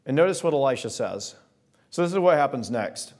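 A man preaching a sermon, retelling scripture passages in casual modern words and reading the old verses slowly. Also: mid-range voice, lively intonation, darkish tone. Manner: reads King James verses slowly and solemnly. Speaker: pastor.

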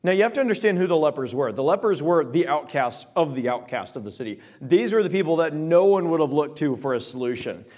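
A man preaching a sermon, retelling scripture passages in casual modern words and reading the old verses slowly. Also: fairly high pitch, expressive, darkish tone. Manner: reads King James verses slowly and solemnly. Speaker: pastor.

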